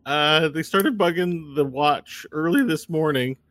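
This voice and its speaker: A man putting on a frantic high-pitched girl messenger. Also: unhurried, fairly bright tone, dry recording. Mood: flustered. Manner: anxious, rambling, stammering. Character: frantic young female messenger Walnut.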